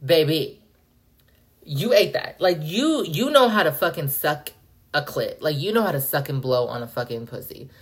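Low-voiced woman ranting on a podcast. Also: normal speed. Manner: profane, animated, rambling with frequent "like". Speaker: podcast host. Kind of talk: casual solo podcast rant.

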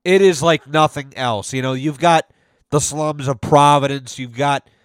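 A man's voice: on the high side, a little slow, clean tone, dry recording, studio quality. Profane ranting man. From Rhode Island. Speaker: podcast host. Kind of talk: casual monologue.

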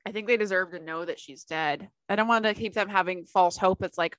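A woman's voice: mid-range voice, brisk, fairly bright tone, no room sound. A woman player in a tabletop game, speaking in an earnest, conversational way.

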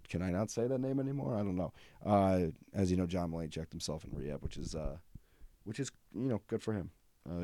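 Young male comedy podcaster, low warm voice, loose rambling delivery. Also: dry recording. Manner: rambling, self-interrupting, swears casually. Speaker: podcast host. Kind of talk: casual rambling comedy monologue.

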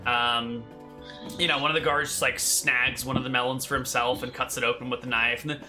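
A man's voice: medium pitch, level tone, a little fast, over music. A man narrating a tabletop game as game master in a casual, rambling way with many fillers.

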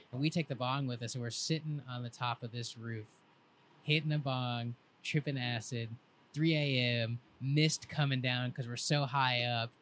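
On a podcast with a little hiss or hum in the background, a young co-host with a medium-pitched voice rambles laid-back through a lengthy story. He brings his friends' lines to life with animated voices.

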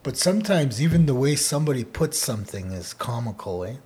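A man co-hosting a casual podcast, talking in a relaxed way and often ending his sentences with "eh?", growing loud and laughing when he tells stories. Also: medium pitch, brisk. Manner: laid-back, ends phrases with "eh?", turns loud and laughing when telling stories. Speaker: podcast co-host teaching Odawa. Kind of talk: casual conversational chat.

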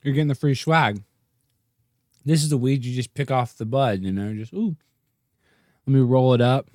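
A man's voice: normal speed, darkish tone, dry recording, studio quality. Rambling joking male livestream host. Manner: rambling, jokey, swings into goofy high-pitched bits. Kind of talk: casual livestream rant.

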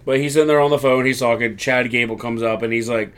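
A man's voice: mid-range voice, steady tone, quick pace, a bit bright, clear, resonant tone. Casual man recapping wrestling with mock quotes. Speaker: podcast co-host recapping wrestling. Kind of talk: casual chat.

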